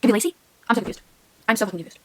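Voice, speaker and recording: A young woman vlogging about her reading in a casual, rambling way, excitable and full of fillers, often dropping to a whisper. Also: on the high side, racing, a little hiss or hum. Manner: excitable, rambling, with many filler words and frequent whispering asides. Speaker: book vlogger.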